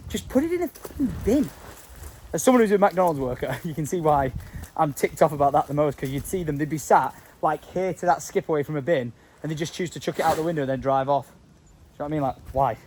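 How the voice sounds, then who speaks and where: A young man chatting casually while vlogging outdoors on a farm, with excited outbursts and casual swearing. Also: on the high side, fast talker, a little hiss or hum. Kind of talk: casual vlog chat.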